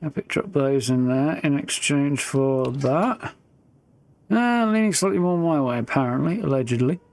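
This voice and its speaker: A man's voice: fairly high pitch, animated, normal speed, a little mellow. A man giving casual, rambling live gameplay commentary, thinking aloud. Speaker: streamer.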